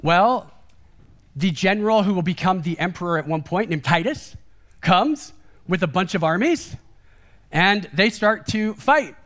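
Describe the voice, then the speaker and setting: A man preaching a sermon in a casual, conversational way, animated and acting out quoted lines. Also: sits high, measured pace. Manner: casual and chatty, peppered with "like" and "kind of"; animated, acts out quoted speech with a raised voice. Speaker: guest preacher. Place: church service.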